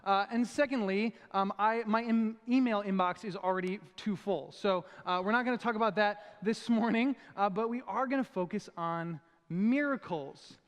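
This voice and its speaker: A man's voice: sits high, a bit bright, clean tone, big-room sound. A man preaching a sermon as a pastor, conversational and joking with his congregation. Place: church auditorium.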